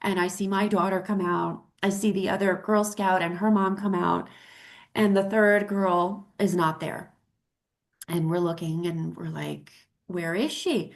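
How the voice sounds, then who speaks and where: A middle-aged woman tells a story in a casual talk show. She is chatty and animated, often restarting her sentences. She acts out the voices of the people she quotes. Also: fairly low pitch, a little slow, gravelly. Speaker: co-host.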